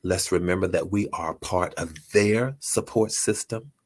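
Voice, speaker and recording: A man's voice: deep voice, fairly even intonation, a little slow. A man hosting a motivational talk, earnest and repeating his phrases for emphasis. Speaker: host.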